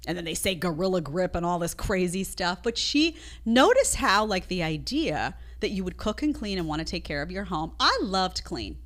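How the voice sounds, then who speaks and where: A woman's voice: mid-range voice, fairly bright tone. A woman commenting on a played clip with an indignant, sarcastic, emphatic manner. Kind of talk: opinionated commentary.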